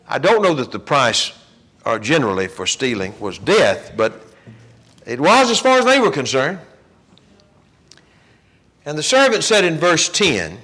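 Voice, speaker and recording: A man teaching a Bible class in a church, retelling the story in a lively way and acting out the people's words. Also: medium pitch, unhurried, pauses often.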